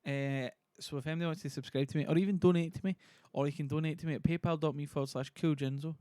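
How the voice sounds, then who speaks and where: A man's voice: fairly high pitch, steady tone, fast talker, dark tone, clean tone, dry recording, clean studio sound. A man streaming casually, chatty and self-deprecating as he reads a play to viewers. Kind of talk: casual livestream reading.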